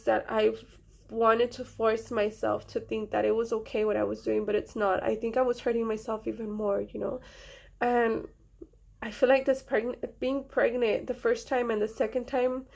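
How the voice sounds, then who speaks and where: Halting, slightly gravelly young woman. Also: on the high side. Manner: earnest, halting, with many fillers; quietly emotional. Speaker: vlogger. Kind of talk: personal storytelling to camera.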